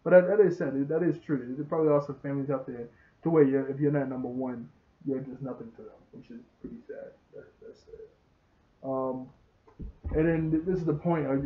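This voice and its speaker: A young man, rambling through a casual episode recap and acting out the characters' lines. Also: mid-range voice. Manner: rambling, laughs often, acts out dialogue. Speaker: show reviewer. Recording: tinny phone-like sound.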